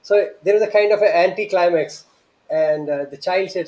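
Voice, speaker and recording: A man's voice: high voice, normal speed, warm tone, poor audio. A man, telling an earnest, reverent story from his student days with many restarts and rhetorical questions. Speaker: guest recounting memories.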